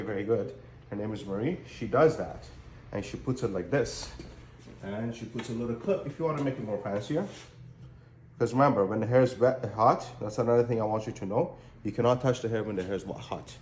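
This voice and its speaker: A man's voice: on the low side, fairly quick, darkish tone, a little hiss or hum. A male hair stylist in a salon giving a casual how-to demonstration, speaking in an instructive way and often repeating his words. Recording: echoey salon room, faint ambience.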